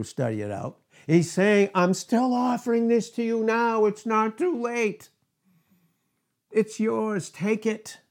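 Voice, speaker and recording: A man's voice: sits high, a little mellow. A man preaching a sermon, pressing his listeners with repeated rhetorical questions and emphatic calls.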